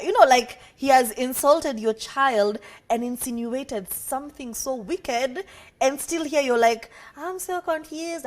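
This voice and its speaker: A young woman, co-hosting a casual advice chat, firm and emphatic as she gives advice. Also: fairly high pitch. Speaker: talk show co-host.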